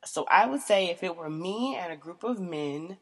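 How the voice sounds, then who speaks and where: A woman's voice: fairly low pitch, lively intonation, moderate pace. A young woman vlogger reading out questions and answering them in a casual, blunt, profane way, often laughing.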